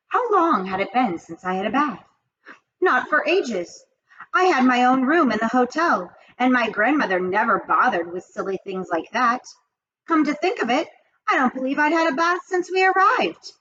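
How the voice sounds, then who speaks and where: A woman reading a children's story aloud with expressive, dramatic storytelling. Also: a little high, moderate pace, lo-fi sound, slight background noise. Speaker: reader of children's books. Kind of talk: storybook read-aloud narration.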